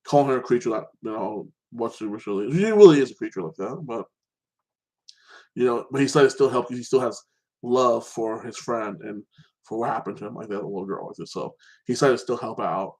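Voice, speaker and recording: A man's voice: medium pitch, brisk, a little mellow, breathy edge, rough recording. A man casually recapping and reviewing TV episodes as a show host, rambling and restarting his sentences often. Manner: rambling, with many restarts and frequent "like this".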